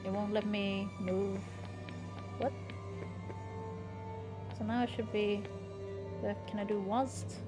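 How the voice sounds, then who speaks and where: A woman's voice: medium pitch, slow, long pauses, over music. Jumpy woman streaming a game. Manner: excitable, jumpy, swearing when startled. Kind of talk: casual let's-play commentary.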